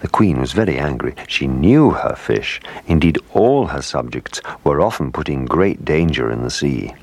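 A man reading a children's story aloud in a lively, expressive way. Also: very deep voice, normal speed, no room sound. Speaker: narrator.

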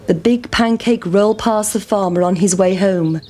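A woman reading a children's story aloud, slow and clear. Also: medium pitch, warm tone, slight background noise.

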